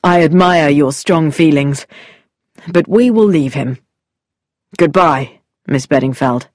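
A woman voicing a stern, brooding man who is quick to anger in a read-aloud story, speaking low and gruff with a threatening edge. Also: a little mellow, no room sound. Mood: wry. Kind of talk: storybook character voice.

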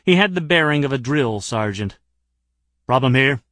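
A man's voice: medium pitch, lively intonation, fairly quick, fairly bright tone, no echo. A man narrating an audiobook in a wry, dry-humored manner.

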